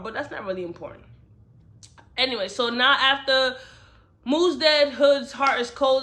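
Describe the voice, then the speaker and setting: A woman's voice: high-pitched, bright, forceful tone. A woman giving a casual, slang-filled book review, retelling the plot with lots of "you know" asides.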